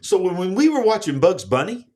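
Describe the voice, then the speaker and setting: A man's voice: sits high, brisk. A man co-hosting a casual talk show, joking and bantering with his co-host. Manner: jokey, playful, lively. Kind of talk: casual chat.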